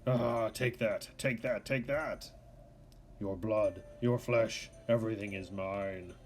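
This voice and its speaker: A man voicing a bloodthirsty monstrous male warrior servant, reading the lines slowly and gloatingly from a video game. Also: fairly low pitch, slight background noise. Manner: slow, gloating, read aloud from a game.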